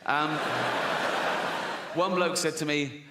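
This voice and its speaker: A man's voice: medium pitch, normal speed, pauses often, fairly bright tone. A middle-aged English man doing stand-up comedy, sardonic and swearing freely, putting on other people's voices as he tells his stories. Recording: faint background noise, live audience laughs.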